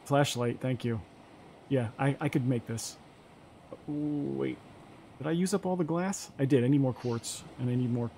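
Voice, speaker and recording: Male streamer, mid-pitch, chatty and musing while playing, light hiss on the track. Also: moderate pace, gravelly, mellow. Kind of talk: casual let's-play chat.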